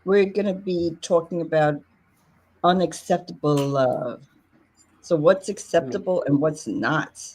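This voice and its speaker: A woman's voice: low voice, a little slow, darkish tone. A woman co-hosting a podcast in casual chat, talking freely and laughing easily. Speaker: podcast co-host.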